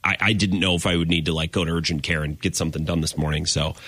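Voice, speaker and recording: A man chatting casually as a co-host, telling a story in a quick, rambling, animated way. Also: deep voice, slightly rough, no room sound, studio quality. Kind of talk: casual chat.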